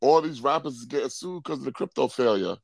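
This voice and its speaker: Low gravelly man, podcast co-host, lively intonation, laid-back, dry sound. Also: quick pace, no echo. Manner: laid-back, laughing storyteller. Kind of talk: casual uncensored podcast banter.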